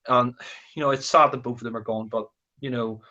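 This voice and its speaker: A man's voice: mid-range voice, steady tone, fairly quick, bright, forceful tone, lo-fi sound. A man co-hosting a casual film review chat, rambling with lots of fillers and restarts.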